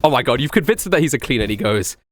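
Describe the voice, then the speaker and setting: A man narrating as game master of a tabletop game, animated and laughing often, with many fillers. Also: mid-range voice, very fast, no echo.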